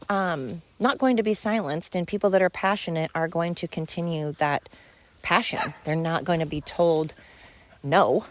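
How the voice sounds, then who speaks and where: On her solo podcast, a woman speaks at a moderate pace in a lowish voice. Her opinionated monologue is an indignant rant, full of sarcastic rhetorical questions aimed at her critics.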